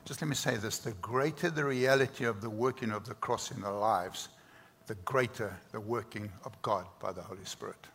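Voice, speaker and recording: A man's voice: on the low side, moderate pace, fairly bright tone. A man, preaching a sermon with earnest emphasis and repeated words. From South Africa. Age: 60s. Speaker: pastor. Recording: reverberant hall, faint noise.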